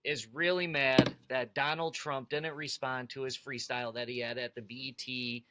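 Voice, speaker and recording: A man co-hosting a radio talk show, casual, loose and energetic. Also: mid-range voice, normal speed, heavy background noise. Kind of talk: casual chat.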